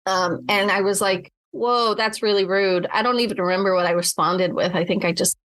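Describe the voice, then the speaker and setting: A woman as a reflective clinician-host, mid-pitch, dry close sound, thinks aloud with restarts. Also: steady tone, fairly quick, fairly bright tone, no room sound. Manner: reflective, with frequent restarts and fillers. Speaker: podcast co-host and mental health clinician. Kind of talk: casual podcast chat.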